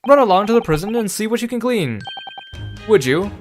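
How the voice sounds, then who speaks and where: A breezy, flippant detective, as a man puts him on, his voice lifted well above the reader's own. Game music plays clearly underneath. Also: high voice, very animated, fairly quick, voice pushed up.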